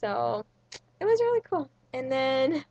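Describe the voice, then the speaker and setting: A young woman vlogger telling a story in a chatty, casual way, full of fillers and sudden excited bursts. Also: high voice, unhurried, husky, no room sound, lo-fi sound. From India.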